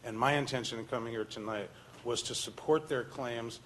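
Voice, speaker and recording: A man's voice: medium pitch, fairly even intonation, normal speed, fairly bright tone, low-quality recording. A man speaks at a public hearing, insistent and full of "uh" fillers. A faint hiss of noise sits behind him. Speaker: public commenter.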